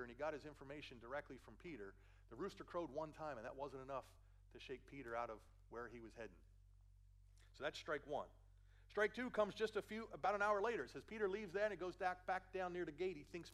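Man, Philadelphia accent, pastor preaching a sermon, acts out the quotes, drops low for emphasis, fairly high voice. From Philadelphia, USA.

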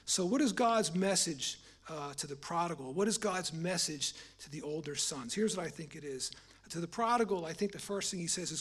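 A middle-aged man preaching a personal testimony sermon, halting and repeating his words, rising in volume on key points. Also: on the high side, husky.

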